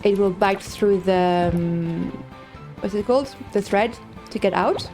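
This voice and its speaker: A woman's voice: mid-range voice, measured pace, a little mellow, soft background music. A woman streaming a game live, chatting casually and thinking aloud, rambling with many fillers and restarts. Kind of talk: casual live-stream chat while gaming.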